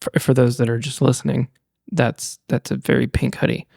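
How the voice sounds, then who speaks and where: A man's voice: medium pitch, level tone, moderate pace, creaky, a little mellow, dry recording. A man co-hosting a podcast, throwing in dry, teasing remarks in casual chat. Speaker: podcast co-host.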